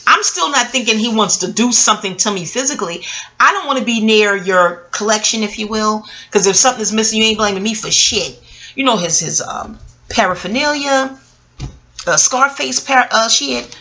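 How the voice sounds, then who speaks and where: Bright-voiced New woman telling stories. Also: on the high side, normal speed, low-quality recording. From New York. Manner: animated, profane, street slang, talks straight to viewers. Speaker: vlogger. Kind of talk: casual storytelling.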